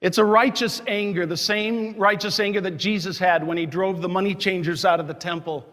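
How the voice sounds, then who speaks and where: A male priest with a high voice preaches with fiery, indignant force. His words ring through a church with a long, lingering reverb. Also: fairly even intonation, brisk, fairly bright tone. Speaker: diocesan priest. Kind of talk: sermon.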